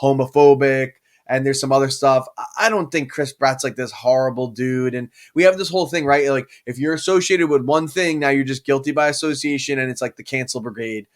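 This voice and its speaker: Male podcast co-host; loose, rambling, animated delivery with casual swearing. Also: mid-range voice, a little fast, hardly any pauses. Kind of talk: casual chat.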